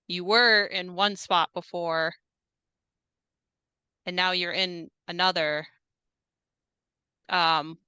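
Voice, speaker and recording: A young woman narrating a tabletop horror game as game master, measured and unhurried, with frequent hesitant fillers. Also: lowish voice, pushed and bright, clear, resonant tone, no echo.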